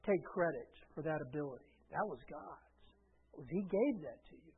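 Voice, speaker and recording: A middle-aged man preaches in a high voice, carried over a narrow, phone-like radio broadcast. He swings from quiet, hushed moments to loud, insistent ones. He drives his points home by repeating the same phrases. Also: animated, brisk, creaky, husky. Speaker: pastor. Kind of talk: sermon.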